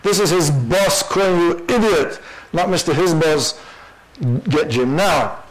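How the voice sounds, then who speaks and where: A man's voice: fairly high pitch, unhurried, lightly acted, poor audio. A man voicing an impatient male boss who barks insults down the phone. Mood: angry. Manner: barking, insulting.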